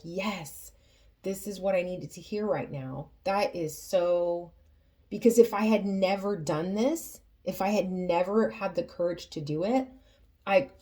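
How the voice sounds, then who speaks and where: Slow, emotional woman giving a tarot reading. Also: fairly low pitch, a little mellow. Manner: earnest, emotional, halting with many restarts. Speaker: tarot reader.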